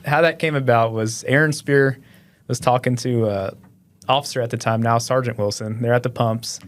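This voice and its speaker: A man's voice: medium pitch, steady tone, normal speed. A police officer in his thirties, a podcast guest, telling stories in a laid-back, self-deprecating way with lots of fillers. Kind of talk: casual storytelling.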